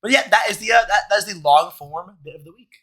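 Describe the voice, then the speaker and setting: A young man co-hosting a casual chat podcast, animated and laughing often, with frequent stammered restarts as he tells stories. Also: high-pitched, fast. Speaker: podcast co-host.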